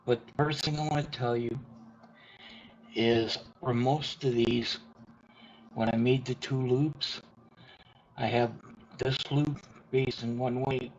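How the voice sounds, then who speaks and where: A man giving a casual step-by-step wire jewelry tutorial from his worktable, explaining plainly with pauses. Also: mid-range voice, steady tone, a little mellow. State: talking with his mouth full. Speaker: jewelry maker demonstrating. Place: indoors at a worktable. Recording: dull lo-fi sound with faint room noise.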